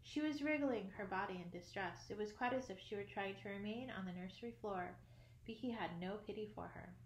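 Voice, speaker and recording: A woman narrating a classic children's storybook in an expressive, lilting reading voice. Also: mid-range voice, brisk. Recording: echoey room, faint ambience.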